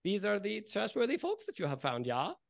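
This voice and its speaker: A man's voice: high-pitched, wildly swooping pitch, fairly quick, vocal fry, no echo, studio quality, voice pushed up, exaggerated voice. A man voicing a wizened old gnome chocolatier who keeps asking "yeah?" in a sly, wheedling way. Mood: suspicious. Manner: questioning lilt, ends lines with "yeah?".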